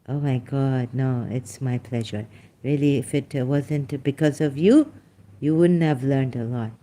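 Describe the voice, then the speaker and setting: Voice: mid-range voice, measured pace, dark tone. A livestream host effusively thanking a viewer, repeating the thanks, laughing often and slipping into Hindi phrases.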